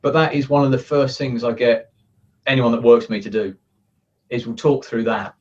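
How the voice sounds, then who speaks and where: An earnest man talks through his coaching methods in a relaxed interview, slipping into the voices of the thoughts he quotes. He sits at some distance from the mic in his office. The sound is dull and muffled. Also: mid-range voice, normal speed. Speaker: guest, coach. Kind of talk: casual interview chat.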